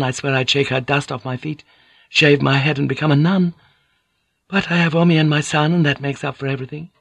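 A man voicing a kind, anxious young noble wife who speaks softly and earnestly. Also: medium pitch, husky, dry recording, pitched above the performer's own voice.

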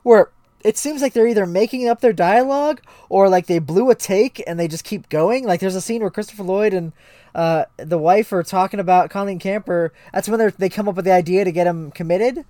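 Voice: mid-range voice, brisk, dark tone, dry recording. A podcast co-host in casual comedic chat, rambling with restarts, swearing now and then.

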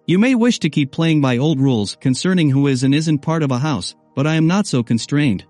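A man narrating a first-person audiobook in a steady, scripted reading. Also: a little high, a little fast, dry recording, faint music behind.

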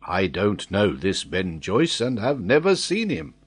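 A man with a husky voice reading the lines of a faithful old sailor who answers calmly and plainly, in an audiobook. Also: on the low side, unhurried, full character voice. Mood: puzzled. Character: faithful old male ship's sailor, bewildered.

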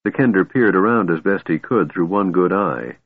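A man reading a fantasy audiobook aloud, expressive and shifting voices for each character. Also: low-pitched, moderate pace, husky. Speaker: audiobook narrator. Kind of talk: scripted narration. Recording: tinny phone-like dry sound.

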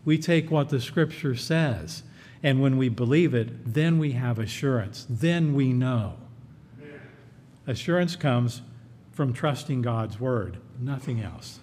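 A man's voice: animated, takes it slowly, a little mellow. A man preaching a sermon as pastor, earnest and emphatic, repeating his key phrases. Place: church. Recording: echoey hall, faint rumble.

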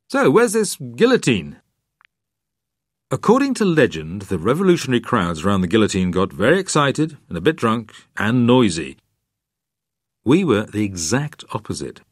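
An older man from England reads his childhood memoir with a dry, wry wit. His pitch rises and falls animatedly as he tells the story. The sound is close and dry. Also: no echo. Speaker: author reading his memoir. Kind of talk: scripted narration.

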